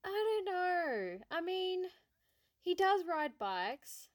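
A woman's voice: very high voice, big pitch swings, extremely slow, no echo, clean studio sound. A woman chatting casually on a podcast, giggly and self-deprecating. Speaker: podcast co-host. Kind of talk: casual chat.

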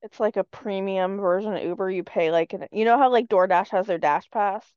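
Woman co-host, casual and opinionated, mid-pitch, dry and slightly dull recording. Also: smooth, no room sound. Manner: opinionated, quick to reject slang she dislikes. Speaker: podcast co-host. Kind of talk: casual chat.

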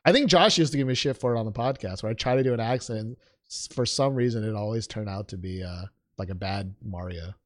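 A man's voice: fairly low pitch, quick pace. A young man co-hosting a podcast in casual chat, self-deprecating and joking, with many fillers. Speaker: podcast co-host.

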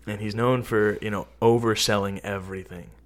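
A young man chatting casually as a guest, rambling in a relaxed way and often tagging his sentences with "right?". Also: on the low side, brisk. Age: young adult. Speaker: interviewee. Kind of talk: casual chat.

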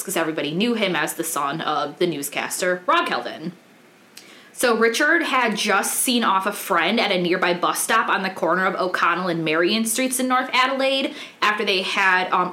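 A woman's voice: fairly low pitch, bright, forceful tone. A woman hosting a true crime podcast, telling the case in a candid, casual way with many ums. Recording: roomy echoey room.

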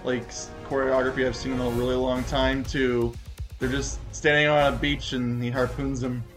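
A man's voice: mid-range voice, little pitch movement, moderate pace, music in the background. A man co-hosting a movie podcast, recapping scenes in a rambling way and restarting his sentences. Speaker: podcast co-host. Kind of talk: casual movie-review chat.

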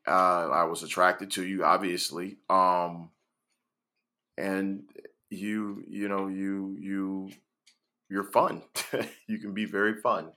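A school educator in his forties guests on a podcast, speaking casually and hesitantly with lots of fillers. His low voice is steady and sharp, slow, with long pauses.

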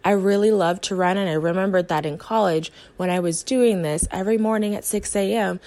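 Young woman podcast coach, earnest and encouraging, mid pitch, talks right to you. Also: fairly quick, a little mellow. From United States. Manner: earnest, encouraging, voices the listener's inner thoughts. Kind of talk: motivational podcast talk.

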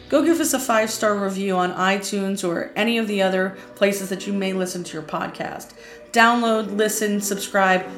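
A woman hosting a podcast, reading the closing announcements in a bright, brisk promotional way. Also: medium pitch, echoey room. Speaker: podcast host. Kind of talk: upbeat outro announcements.

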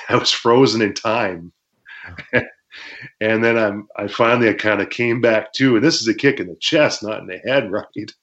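Man with a low voice, animated storyteller who acts out shouts and crowd roars, muffled lo-fi recording. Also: moderate pace. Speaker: guest, former pro wrestler. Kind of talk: storytelling interview. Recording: dull lo-fi sound.

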